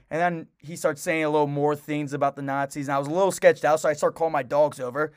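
A man's voice: a little high, steady tone, fast talker, few pauses, dry recording, clean studio sound. A young man co-hosting a casual podcast, telling a long story in a rambling way with lots of restarts. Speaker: podcast co-host. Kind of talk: casual chat.

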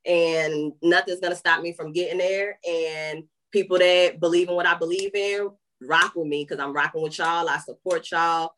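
A woman with a Southern US country accent, a guest musician, talking in a lively, slangy way and laughing often. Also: lowish voice, normal speed. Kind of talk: casual interview chat.

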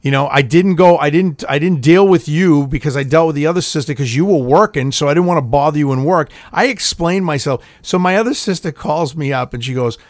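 A man's voice: a little high, brisk, hardly any pauses, no echo. A middle-aged man telling swear-filled family stories in a casual podcast chat, acting out quotes. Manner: profane, storytelling with acted-out quotes. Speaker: podcast co-host.

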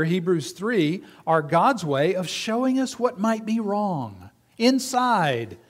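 A man delivers a sermon to his congregation in a fairly high voice. He keeps it conversational, putting questions to the room as he teaches. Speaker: pastor.

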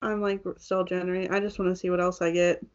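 Her voice is on the low side, slightly mellow, with little pitch movement, and she talks fast. She's a young woman co-hosting an easygoing makeup chat, full of "like" fillers, captured on dull lo-fi audio.

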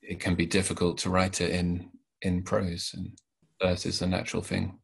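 Kids' book author guy, husky voice, thinks out loud, lots of restarts. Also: low voice, completely flat delivery. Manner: thoughtful, halting, with restarts. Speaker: children's author. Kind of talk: interview conversation.

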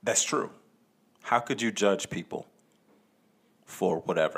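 A man's voice: on the low side, unhurried, vocal fry, long pauses, a bit bright, breathy edge. A man hosting a solo podcast, talking casually and profanely, rambling and stammering through restarts, with rhetorical questions to the listener. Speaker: podcast host.

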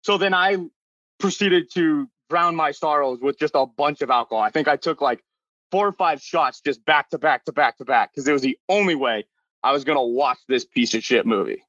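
A man's voice: fairly high pitch, moderate pace, fairly bright tone, no echo. A young man on a podcast panel, chatting casually and telling a rambling, amused story. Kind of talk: casual chat. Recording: dull lo-fi recording.

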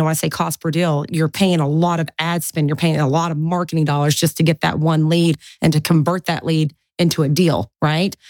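A woman in her forties, a guest in an interview, chatting and telling animated stories from her life. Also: low-pitched, dry recording. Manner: chatty, animated, mimics family voices in anecdotes. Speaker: guest, real estate investor. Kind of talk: casual interview storytelling.

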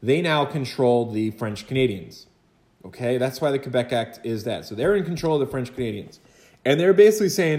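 A man's voice: mid-range voice, lively intonation, a little mellow. Chatty male history teacher, echoey room. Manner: chatty, rhetorical asides and quick acted quotes. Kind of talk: recorded lecture for students.

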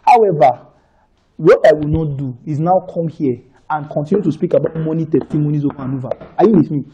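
A man's voice: fairly high pitch, fairly quick, warm tone, muffled recording, slight background noise. A man with a Nigerian accent preaching a conversational sermon, repeating phrases for emphasis and often checking that listeners are following. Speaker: pastor.

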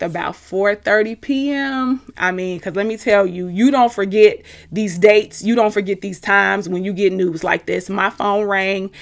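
A woman's voice: medium pitch, gravelly. Earnest woman sharing a faith testimony. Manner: earnest, animated storytelling with frequent restarts. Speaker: podcast host. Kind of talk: personal faith testimony to a live online audience.

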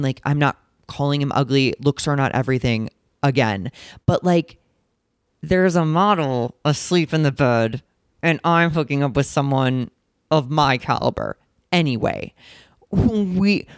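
A man's voice: smooth, no echo. Podcast guy rambling thru a story, lots of likes, dry close sound. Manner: chatty, filler-heavy, animated pitch jumps. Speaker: podcast host. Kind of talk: casual storytelling.

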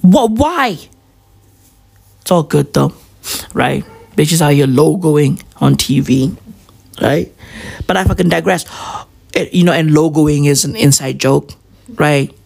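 A woman's voice: sits low, lively intonation, takes it slowly, gravelly, long pauses, darkish tone, breathy edge. A tired woman doing a profane, rambling comedic rant that keeps drifting off on tangents.

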